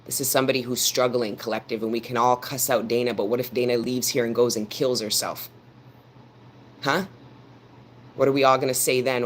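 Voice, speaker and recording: A man of middle pitch leads a tarot reading, lecturing his viewers in a firm, earnest tone. His delivery stays fairly monotone and keeps circling back to the same phrases for weight. A faint hum sits under his voice. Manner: earnest, preaching directly to his audience; repeats phrases for emphasis. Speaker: tarot reader.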